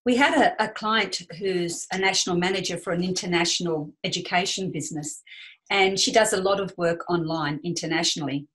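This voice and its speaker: A woman's voice: fairly low pitch, brisk, fairly bright tone, rough recording. A woman business coach adding a client example to a seminar in a supportive way. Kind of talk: seminar teaching.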